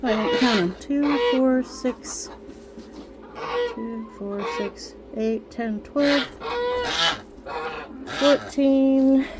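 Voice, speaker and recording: A woman's voice: high-pitched, drawn-out words, long pauses, loud music behind the voice. A woman who keeps birds, chatting sweetly to her hens and ducks as she gathers eggs outdoors. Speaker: backyard bird keeper. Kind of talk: casual narration while gathering eggs. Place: outdoors in a poultry yard. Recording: loud farm birds behind.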